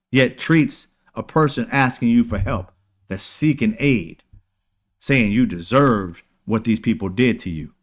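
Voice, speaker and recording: A male commentary host holds forth in an impassioned rant, sarcastic and preachy, with the odd curse word thrown in. His voice sits at an ordinary middle pitch for a man. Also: fairly bright tone. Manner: heated, sarcastic, preachy, swears freely. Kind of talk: casual political commentary.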